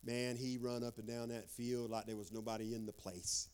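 A man preaching a sermon, telling stories with dramatic swings from hushed to loud. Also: mid-range voice, little pitch movement, normal speed, clear, resonant tone. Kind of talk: sermon with storytelling.

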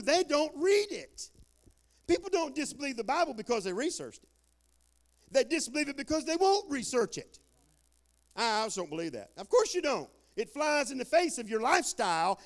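An older man preaches a sermon in a homespun, folksy way. He keeps calling out for amens. He swings from shouted bursts down to low, quiet asides. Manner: folksy Southern preaching, calls for amen, swings loud and soft.

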